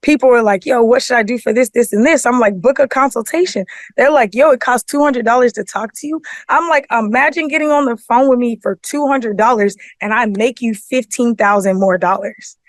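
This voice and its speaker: Animated woman telling business stories. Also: a little high, fairly quick, few pauses, dry recording. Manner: animated storytelling, acting out both sides of arguments; rhetorical questions, frequent "you know what I'm saying". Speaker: artist manager and festival producer. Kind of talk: casual podcast chat.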